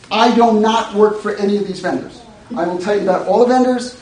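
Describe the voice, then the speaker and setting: A man's voice: sits high, moderate pace, a little mellow. A man teaching a live workshop, blunt and joking in a conversational way to an audience. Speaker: educator. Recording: echoey room.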